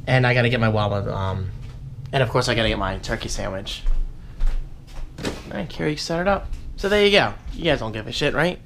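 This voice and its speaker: A man's voice: medium pitch, fairly bright tone, slight background noise. A man chatting casually to his viewers in a daily vlog, joking and talking to the camera as he goes about his day. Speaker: vlogger.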